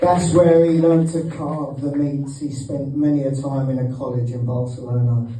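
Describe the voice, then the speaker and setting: A man's voice: mid-range voice, little pitch movement, normal speed, background noise. A man giving a joking best man speech at a wedding, teasing the groom and laughing between lines. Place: wedding reception hall. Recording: echoey hall, mic at a distance.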